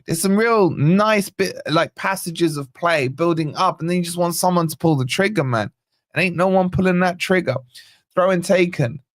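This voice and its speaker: A man hosting a live football watch-along, calling the play and greeting viewers by name in a chatty, excitable way. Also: sits high, moderate pace, no echo, clean studio sound. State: yawning, tired. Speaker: fan channel host.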